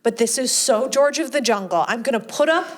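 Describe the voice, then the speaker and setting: A woman's voice: on the high side, brisk, slight background noise. A woman co-hosting a casual movie review podcast, recapping scenes and acting out the characters' lines. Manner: animated, acts out lines from scenes. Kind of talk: casual chat.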